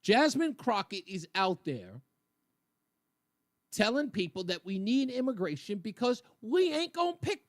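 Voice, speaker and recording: Male talk radio host, high lively voice, dry studio sound, colloquial and mocking. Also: dry recording. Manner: animated, colloquial, mocking asides. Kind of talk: opinion talk radio monologue. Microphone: studio microphone.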